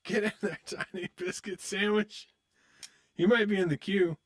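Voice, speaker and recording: His voice sits high, with fairly even intonation at a normal speed. While live-streaming online poker, he grumbles to himself over his hands, swearing, before chatting cheerfully and jokingly with viewers.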